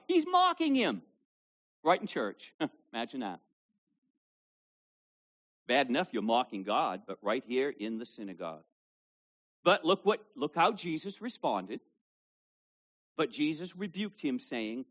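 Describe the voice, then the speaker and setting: A male pastor preaching a sermon to a congregation with kids present, reading scripture loudly and dropping low for asides. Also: very animated, a little slow, pauses often, muffled recording. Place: church service with children present.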